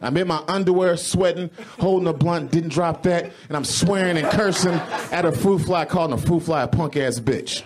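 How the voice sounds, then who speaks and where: A man doing a stand-up comedy set on a club stage, animated and profane, often jumping into high, exclaimed voices. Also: normal speed, hardly any pauses. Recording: live club recording with crowd. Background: audience laughing.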